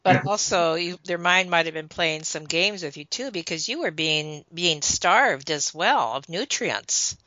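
A woman's voice: lowish voice, lively intonation, measured pace, hardly any pauses, pushed and bright, dry recording. A woman interviewing a guest, asking long strings of questions with fillers. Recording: dull, dry close recording.

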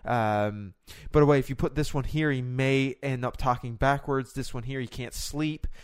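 A man's voice: mid-range voice, steady tone, moderate pace, clean tone, dry recording, studio quality, lightly acted. A man putting on a careless rambling surgeon. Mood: offhand. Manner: put-on accent, offhand rattled-off warnings. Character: rambling careless male surgeon teaching a trainee.

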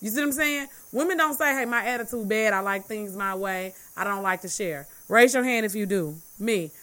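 A woman's voice: medium pitch, a little fast, pushed and bright. A woman in casual chat, blunt and argumentative, often acting out what others say. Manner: blunt, argumentative, quotes others in put-on voices.

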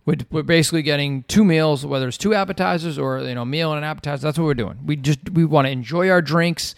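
Man, 40s, raspy co-host, animated and teasing, close dry sound. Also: on the high side, fast, no echo. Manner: animated, teasing, mimics his wife. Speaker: podcast co-host. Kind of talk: casual storytelling chat.

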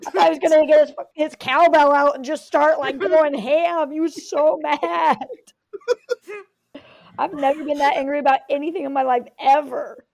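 High-voiced sarcastic woman. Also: fairly even intonation, moderate pace, creaky. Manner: sarcastic, joking. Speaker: podcast panelist. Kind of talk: casual podcast chat.

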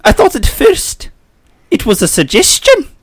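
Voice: very high voice, huge pitch swings, measured pace, no room sound, clean studio sound, pitched above the performer's own voice, heavily acted. A host doing prim Professor McGonagall. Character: stern older female professor, prim. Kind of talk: comic impression in a review bit.

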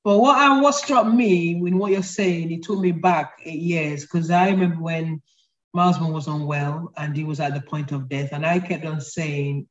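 A woman hosting an interview, affirming and gently encouraging her guest. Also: deep voice, steady tone, normal speed. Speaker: host. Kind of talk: interview conversation. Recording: muffled lo-fi audio.

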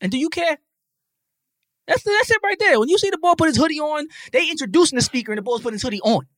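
A middle-aged man with a high voice talks quickly as a guest in a casual interview. He is animated and slang-heavy, slipping into other voices when he quotes people. The sound is close and dry. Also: dry recording. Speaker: university professor, interview guest.

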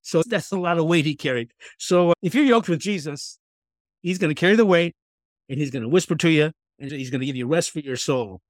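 A man who is a guest author, chatting earnestly on a faith podcast and reading scripture slowly. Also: on the high side, no room sound, clean studio sound. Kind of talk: casual faith podcast chat.

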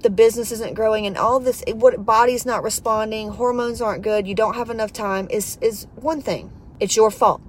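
A woman life coach in a podcast monologue, blunt, profane and preachy, pressing her points hard. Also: mid-range voice.

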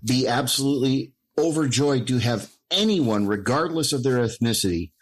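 A man from the United States talks in a relaxed podcast chat, stating his views earnestly and swearing now and then. His voice has a slightly husky, grainy edge. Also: mid-range voice, moderate pace. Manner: earnest and opinionated, profane. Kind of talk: casual chat.

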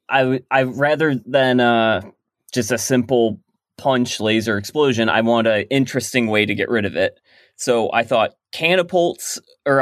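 A man with a middle-pitched voice speaks as a podcast guest. He explains his ideas thoughtfully and at length. The recording is dry and close. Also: a bit bright, dry recording. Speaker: guest comic creator. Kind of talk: casual interview chat.

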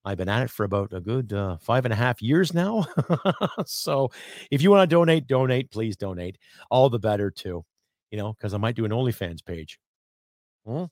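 A man's voice: mid-range voice, lively intonation, moderate pace, a little mellow, dry recording. Angry ranting man, dry close sound. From Canada. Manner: angry, emphatic, profane, rhetorical questions. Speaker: podcast host. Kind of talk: political rant podcast.

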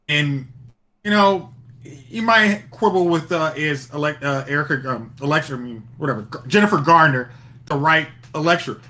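Man, podcaster, bright forceful tone, rambling, self-correcting. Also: a little high. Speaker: podcast co-host. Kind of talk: casual chat.

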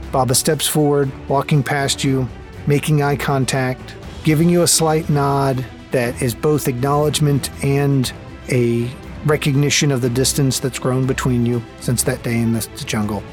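A man narrating a tabletop game as game master, telling the story in an unhurried, descriptive way. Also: medium pitch, fairly even intonation, faint music behind.

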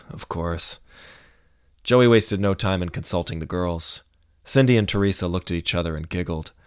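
A man reads a story aloud in a steady audiobook style. His voice is very low and deep. The recording is dry, with little room sound. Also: a little fast, clear, resonant tone, no echo. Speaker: narrator. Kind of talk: audiobook narration.

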